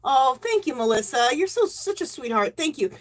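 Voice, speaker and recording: A middle-aged woman hosting a casual livestream, emotional and teary, thanking viewers by name and cheering with loud whoops. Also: high-pitched, sing-song, moderate pace. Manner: thanks donors warmly by name. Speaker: livestream host.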